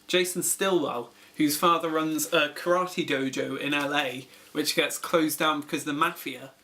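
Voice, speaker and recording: A man co-hosts a film review show, recapping the plot with dry, deadpan jokes. His voice is fairly high and very bright, and a faint hiss sits underneath. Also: moderate pace. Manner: deadpan, jokey. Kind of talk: comedic film review banter.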